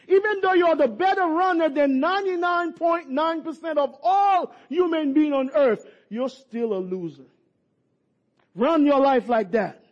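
High-voiced preacher man, impassioned. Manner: impassioned, builds to shouts, stumbles and repeats words. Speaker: pastor. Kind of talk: sermon. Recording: dull lo-fi recording.

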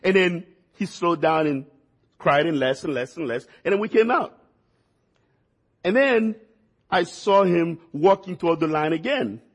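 A man with a high, husky voice preaches a sermon in a folksy storytelling way. He repeats words and phrases for emphasis. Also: lively intonation, measured pace.

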